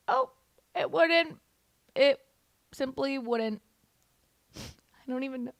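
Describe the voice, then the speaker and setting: A woman's voice: sits high, takes it slowly, gravelly, no echo, clean studio sound. Blunt, heated young woman. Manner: blunt, heated, sarcastic, insulting. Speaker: political commentary host. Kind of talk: livestream commentary reacting to clips.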